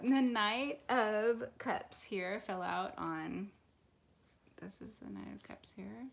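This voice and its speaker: A woman's voice: mid-range voice, takes it slowly, creaky, slight background noise. A woman doing a casual tarot reading for her viewers, musing aloud and laughing often. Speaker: tarot reader.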